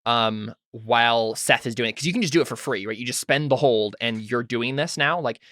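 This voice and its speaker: A man's voice: mid-range voice, a little fast, fairly bright tone, no echo. Guy running a tabletop game, um-heavy and easygoing, dry close sound. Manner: loose, filler-heavy, asks players questions. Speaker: game master.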